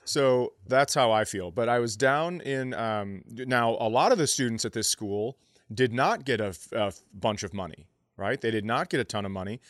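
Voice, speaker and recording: Middle-aged man, podcast co-host, animated comic storytelling, profane, dry close sound. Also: medium pitch, normal speed, no room sound. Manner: animated, profane, acts out quotes in raised voice. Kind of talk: casual comedic storytelling.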